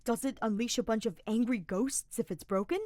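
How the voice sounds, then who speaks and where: A woman reading a fan-fiction audiobook, voicing an excitable young male paladin who gushes and gasps. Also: brisk, no echo, close to an everyday voice. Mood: curious. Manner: eager, gasping, squeaky.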